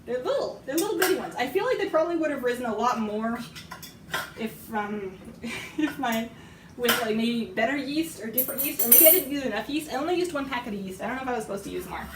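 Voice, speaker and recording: A woman with a hoarse voice she is losing talks through her baking in a loose, rambling way. Her voice sits a little high and comes from some way off the mic, through lo-fi tablet audio in a roomy kitchen. Pans and cutlery clink behind her. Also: expressive, fast talker, recorded from a distance, background noise. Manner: chatty, rambling, laughs often. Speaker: streamer baking on a live stream. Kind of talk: casual chat while cooking. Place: home kitchen. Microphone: iPad microphone.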